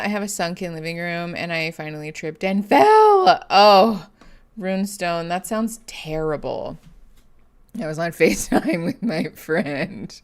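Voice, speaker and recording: A woman's voice: lowish voice, clear, resonant tone. A woman therapist hosting a casual live stream, chatting and laughing often as she reads viewer comments. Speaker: therapist and livestream host.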